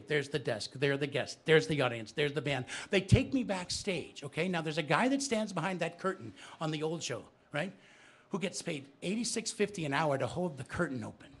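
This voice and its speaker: A man's voice: a little high, slight background noise. A man giving a theatrical live storytelling performance in a bookstore, drawing the audience into call and response. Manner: animated, theatrical, engages the audience.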